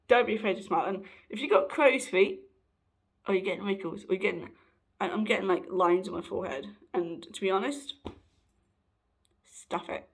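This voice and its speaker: A man's voice: high-pitched, moderate pace, gravelly, long pauses, fairly bright tone, husky. A young trans man, giving a chatty, joking pep talk to camera. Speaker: vlogger.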